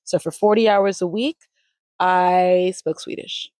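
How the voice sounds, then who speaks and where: Animated woman telling stories, dry sound. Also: fairly low pitch, a little slow, dry recording. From United States. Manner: animated, acts out quoted voices in anecdotes. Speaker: language retreat founder, interview guest. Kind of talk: conversational interview storytelling.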